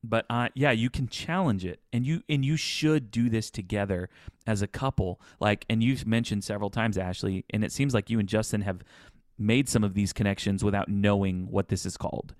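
Low-voiced man co-hosting a chat podcast. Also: moderate pace, no room sound, clean studio sound. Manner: relaxed, repeats and restarts words. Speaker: podcast co-host. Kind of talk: casual podcast conversation.

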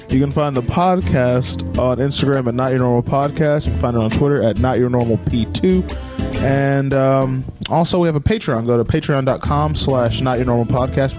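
A man hosting a casual podcast, a joking storyteller who laughs often. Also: medium pitch. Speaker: podcast host. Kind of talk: casual chat.

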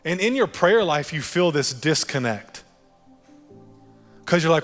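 Animated pastor preaching in an echoing hall. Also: male voice, on the high side, a little slow, long pauses, faint music behind. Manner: animated, jokey, repeats key phrases for emphasis. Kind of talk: sermon.

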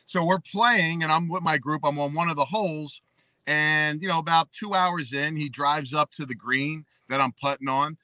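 Male ex-athlete guest, bright voice, chatty and amused, dry mic. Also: fairly high pitch, moderate pace, no echo, rough recording. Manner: laughing, animated anecdote-teller. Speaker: guest, former pro football player. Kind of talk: casual storytelling.

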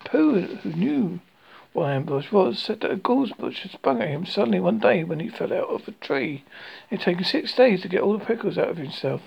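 Reading a children's storybook aloud, this storyteller slips and restarts frequently, making for a halting delivery. The mid-range voice is sing-song and creaky with some breathiness, and the lo-fi recording sounds dull.

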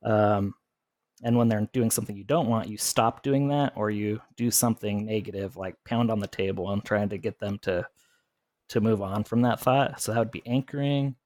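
Low-voiced man explaining, dry sound. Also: fairly even intonation, normal speed, darkish tone, dry recording. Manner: explanatory, filler-heavy. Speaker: podcast guest. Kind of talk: casual chat.

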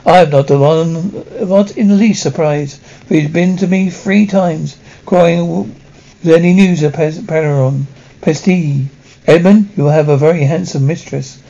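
A man's voice: a little high, measured pace, creaky, mellow. A man voicing a kindly older shipowner who speaks to his sailor in an encouraging way. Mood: genial. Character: kindly older male shipowner, generous employer. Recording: dull lo-fi recording.

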